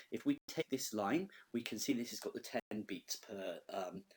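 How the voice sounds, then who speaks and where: A man's voice: fairly low pitch, animated, moderate pace, few pauses, darkish tone, a little hiss or hum. A male teacher talking through a recorded lesson in a conversational way, checking in with the class with frequent "okay?"s.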